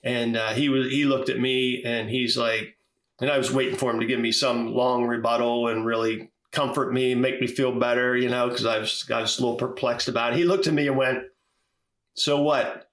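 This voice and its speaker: A male business coach talks on a podcast in a relaxed, storytelling way, often saying "you know". His voice has a roomy echo around it. His pitch sits in the middle range for a man. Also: brisk. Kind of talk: casual podcast conversation.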